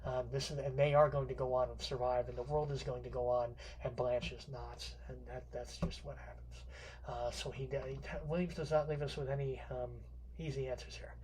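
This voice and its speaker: A man's voice: medium pitch, little pitch movement, normal speed, darkish tone, slight background noise. A man giving an unscripted literature lecture, rambling with many fillers and restarts and some casual swearing.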